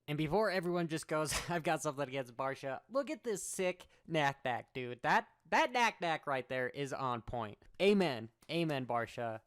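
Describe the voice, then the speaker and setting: A middle-aged man talks in a sarcastic, animated vlog, rambling from one point to the next as a motocross racer. His voice is smooth and clear. The sound is dry and close. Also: on the high side, a little slow, hardly any pauses, no echo.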